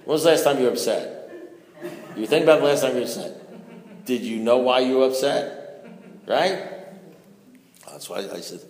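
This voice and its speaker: A man's voice: medium pitch, lively intonation, normal speed, long pauses, darkish tone. An older man speaking at a recovery meeting, telling a profane, joking story and acting out both sides of the conversation. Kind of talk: storytelling talk to an audience. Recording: roomy hall with long echo.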